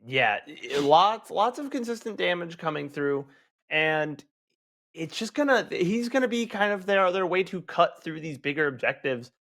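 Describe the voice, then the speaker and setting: A man's voice: on the high side, expressive, moderate pace, a bit bright. Casual male esports colour commentator. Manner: casual, analytical, with fillers and restarts.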